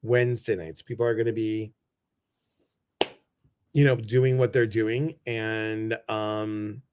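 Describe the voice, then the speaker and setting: A man's voice: lowish voice, little pitch movement, slow, noisy background. A man hosting a casual livestream chat over a video call, effusive and greeting many viewers by name. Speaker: host.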